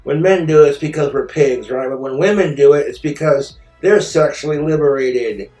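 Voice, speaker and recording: A man's voice: fairly high pitch, normal speed, warm tone, echoey room, soft background music. A man in an angry personal rant, bitter, profane and indignant. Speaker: streamer telling his story.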